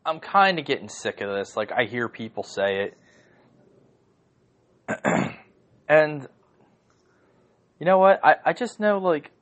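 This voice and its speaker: A man's voice: a little high, big pitch swings, slow pace, long pauses, a bit bright. A man hosting a podcast from home, ranting casually and heatedly, swearing often and rambling through lots of fillers. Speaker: podcast host. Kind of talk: casual rant.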